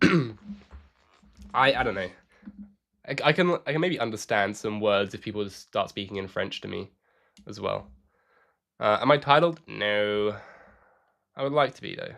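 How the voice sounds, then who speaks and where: A man's voice: on the low side, expressive, normal speed, creaky, long pauses, a bit bright. A young man chatting casually with his live-stream audience while playing chess, joking and answering questions.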